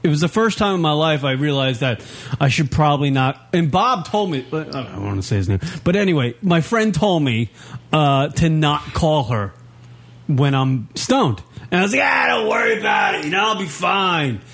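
A man's voice: on the high side, lively intonation, moderate pace. A man, co-hosting a radio show, telling a rambling story and laughing at himself. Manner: laughing, rambling, self-mocking. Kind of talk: casual radio banter.

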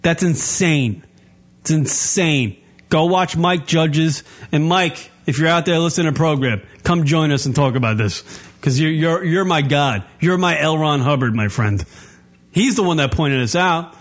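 A male radio show host ranting in a loud, profane way and repeating himself as he goes. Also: fairly high pitch, normal speed. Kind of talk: brash profane radio rant.

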